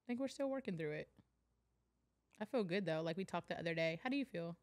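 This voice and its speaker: A woman co-hosting a podcast, animated and playful, laughing often and backing up her partner with quick agreements. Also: fairly low pitch, dry recording. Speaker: podcast co-host. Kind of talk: casual faith chat.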